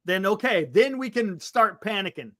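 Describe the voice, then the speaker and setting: A man co-hosting a sports talk show in casual chat. His pitch leaps around as he gets animated, and his voice has a bright, forward edge. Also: normal speed, no echo, clean studio sound. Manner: animated, exclamatory, calming others down.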